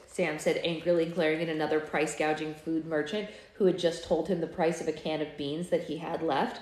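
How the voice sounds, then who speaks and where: A woman's voice: sits low, fairly even intonation, fairly quick, hardly any pauses, darkish tone. A woman hosting a live book club, chatting casually and reading a novel aloud with offhand asides. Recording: echoey room.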